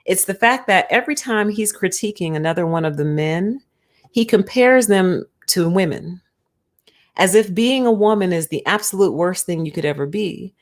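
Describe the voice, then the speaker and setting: Brief: lower-voiced woman, emphatic streamer talking casually about faith. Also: animated, moderate pace. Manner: emphatic and conversational. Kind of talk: casual spiritual commentary.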